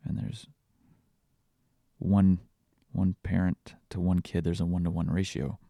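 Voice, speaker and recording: A man's voice: deep voice, flat delivery, unhurried, vocal fry, mellow, no room sound. A young man hosting a podcast, telling candid, self-deprecating stories in a confessional, casual way. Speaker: podcast host. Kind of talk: casual personal podcast talk.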